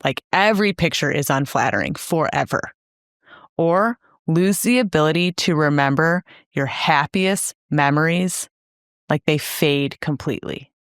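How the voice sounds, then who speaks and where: A woman's voice: low-pitched, a little slow, no room sound, studio quality. A young woman co-hosting a podcast, chatting casually with playful, teasing banter. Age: young adult. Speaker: podcast co-host. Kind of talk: casual chat.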